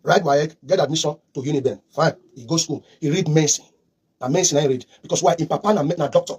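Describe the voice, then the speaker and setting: A man's voice: on the high side, fast, husky. A man with a Nigerian accent mixing in Pidgin, giving fervent, rambling political commentary with lots of repetition.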